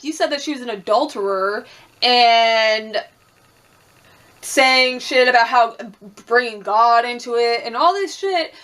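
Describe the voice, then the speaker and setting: A woman's voice: on the high side, a bit bright. A young woman chatting casually through a reality TV recap, swearing freely, acting out quotes and laughing often. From Puerto Rican and Cuban heritage.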